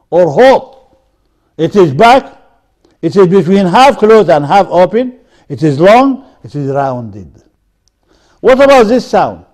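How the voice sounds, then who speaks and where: Male professor, high voice, unhurried lecture delivery, repeats each word. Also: a little mellow. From Sudan. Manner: deliberate, drills example words one by one. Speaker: university lecturer. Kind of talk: recorded university lecture.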